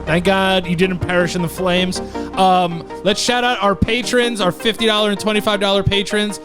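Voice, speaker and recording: Laid-back high-voiced young man co-host. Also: flat delivery, normal speed, over music. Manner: laid-back, chiming in briefly. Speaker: podcast co-host. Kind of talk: casual chat.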